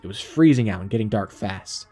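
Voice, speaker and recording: A man's voice: on the low side, expressive, fairly quick, dark tone, soft background music. A man voicing an anxious older man locked out of his home, speaking politely and earnestly. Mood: earnest, flustered.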